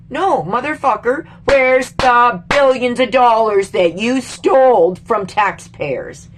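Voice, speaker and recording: A woman's voice: a little high, expressive, moderate pace, slight background noise. Heated middle-aged Canadian woman ranting. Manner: heated, swearing, exasperated. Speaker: vlogger. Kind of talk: angry political rant to camera.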